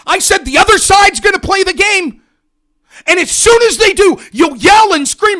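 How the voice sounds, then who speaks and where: An American man hosting a livestream, delivering an angry, profane political rant that often breaks into shouting. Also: very high voice, expressive, normal speed. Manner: furious, profane, shouting at viewers.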